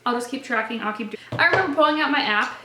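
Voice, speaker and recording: A woman's voice: sits high, expressive, quick pace, roomy sound, background noise. A woman in her twenties candidly telling her own story in a vlog. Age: 20s. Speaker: vlogger.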